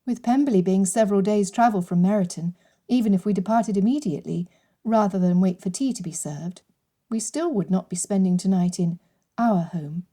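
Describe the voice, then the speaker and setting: A woman voicing a witty, forthright young bride in an audiobook, speaking in a lively, playful and direct way. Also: mid-range voice, fairly quick, natural voice. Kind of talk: audiobook character reading.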